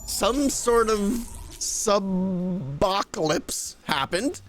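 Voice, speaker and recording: Excitable guy streamer, pitch all over the place, slow drawn-out talk, faint music behind. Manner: flustered, laughing, rambling gratitude. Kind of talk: casual live-stream chat.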